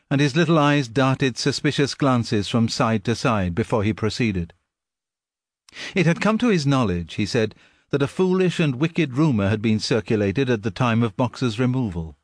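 A man narrates a story in a measured, even voice of middling pitch. The recording is dry and close, with no room sound. His delivery is steady and unhurried. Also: dry recording. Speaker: audiobook narrator. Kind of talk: scripted narration.

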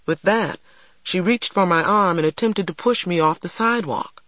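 A man giving earnest, measured scripted narration of a first-person novel. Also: high-pitched, a bit bright, no room sound. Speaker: audiobook narrator.

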